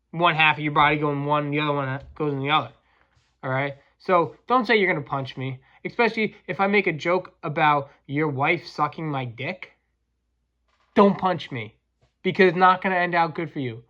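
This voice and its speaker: A man's voice: fairly high pitch, fairly bright tone, muffled recording. A man hosting a podcast, ranting crudely and combatively with frequent stumbling restarts. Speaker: podcast host, welder. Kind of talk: profane comedic rant.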